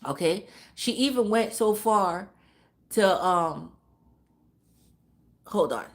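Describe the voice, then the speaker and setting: A woman telling a story on her vlog in a blunt, profane, animated rant. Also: mid-range voice, takes it slowly. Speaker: vlogger.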